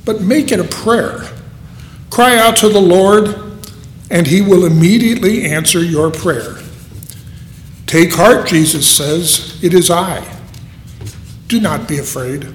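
A man preaching a sermon in an earnest, unhurried way, with dramatic pauses. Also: high-pitched, a little hiss or hum. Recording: echoey hall.

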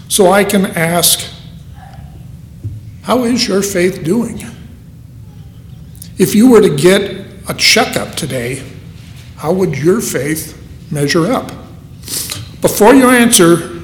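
A man preaching a sermon in an earnest, unhurried way, with dramatic pauses. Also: high-pitched, a little hiss or hum. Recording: echoey hall.

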